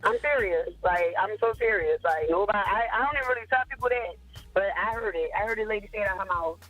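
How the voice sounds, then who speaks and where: A woman's voice: medium pitch, expressive, fast, faint music behind. A woman, calling in to a show and talking bluntly and with emphasis, repeating herself. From Philadelphia area. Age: 30s. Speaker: caller. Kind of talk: casual phone-in chat. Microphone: phone. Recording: tinny phone line.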